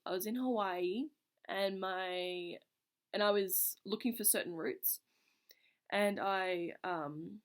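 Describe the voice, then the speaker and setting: A woman's voice: mid-range voice, slow pace. A woman with a mid-range voice talks straight to her viewers, recounting something personal. She is earnest and reflective, and her sentences spill forward loosely, strung together with casual fillers. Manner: reflective, earnest, speaks in loose run-on phrases with frequent "like". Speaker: vlogger. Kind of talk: casual personal storytelling to camera.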